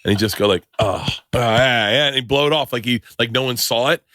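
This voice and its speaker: A middle-aged man hosting a podcast, chatting casually and telling stories with excitement, acting out what people said. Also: mid-range voice, rapid-fire, no echo. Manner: excitable storyteller acting out quotes. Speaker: podcast host. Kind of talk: casual chat.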